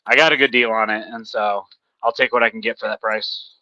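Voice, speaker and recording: A man's voice: fairly low pitch, steady tone, brisk, bright, forceful tone, dry recording, dull audio. A young man from Texas with a light Texan accent, chatting casually and rambling with easy fillers. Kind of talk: casual chat.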